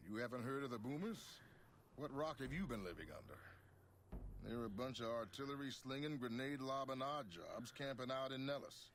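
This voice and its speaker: An actor playing a shifty wasteland gambler and scavenger who talks in a folksy, wheedling way. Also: male voice, medium pitch, lively intonation, brisk, a bit bright, a little hiss or hum. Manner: folksy, wheedling salesman talk.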